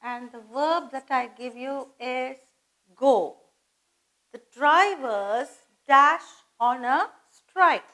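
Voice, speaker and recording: High-pitched lady teacher going thru tenses super slowly, spelling stuff out. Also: sharp tone, poor audio. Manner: slow, patient, repeats and spells out words. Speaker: English teacher. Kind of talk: grammar lesson.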